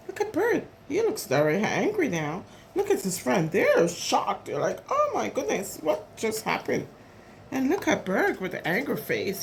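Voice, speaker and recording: A storyteller for preschoolers reads them a picture book, commenting on the illustrations in a lively, chatty way. Her voice is fairly high and creaky, and a little hiss or hum can be heard.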